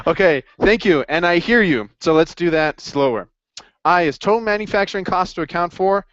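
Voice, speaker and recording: A man's voice: a little high, measured pace, a bit bright, no room sound, dull audio. A man running a casual accounting review session, upbeat and jokey as he encourages his students. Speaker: accounting tutor.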